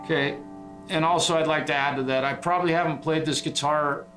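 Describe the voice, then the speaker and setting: A man's voice: a little high, fairly even intonation, fairly quick, fairly bright tone, soft background music. A middle-aged man livestreaming as a guitarist, chatting casually in a rambling, sentimental way with frequent swearing.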